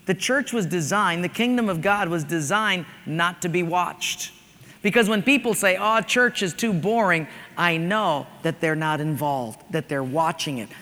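Storytelling male pastor, high bright voice, church hall reverb. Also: normal speed. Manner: conversational, storytelling preacher. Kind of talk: sermon. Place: church sanctuary. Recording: large hall with long reverb.

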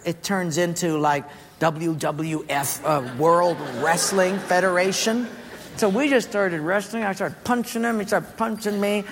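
High-voiced preacher telling a comic story. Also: male voice. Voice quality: animated, comic storytelling with many fillers. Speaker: pastor. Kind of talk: storytelling sermon. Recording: long echo of a large hall, faint ambience.

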